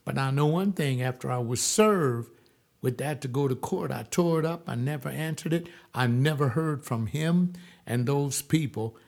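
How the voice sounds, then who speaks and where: A male pastor telling a personal testimony like a sermon, emphatic and drawing out key words slowly. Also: mid-range voice, creaky, a little mellow.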